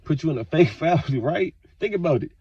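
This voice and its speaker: A man vlogging in a rambling, profane rant, his fairly high voice husky and a bit raspy. He breaks into sudden loud outbursts. The dry, dull lo-fi sound has no room echo. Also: lively intonation, quick pace. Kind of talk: casual monologue to camera.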